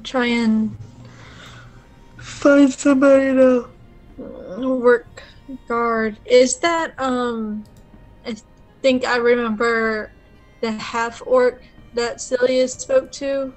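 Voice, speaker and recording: Slow, hesitant woman player. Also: on the high side, steady tone, faint music behind, poor audio. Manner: hesitant, many ums. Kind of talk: tabletop game play.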